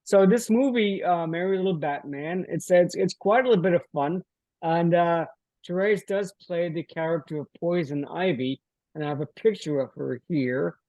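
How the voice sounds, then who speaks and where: A man's voice: fairly high pitch, normal speed, a little mellow, dry recording. An older man hosting a podcast interview over a video call, friendly and rambling with many fillers. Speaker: podcast host. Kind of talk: casual interview chat.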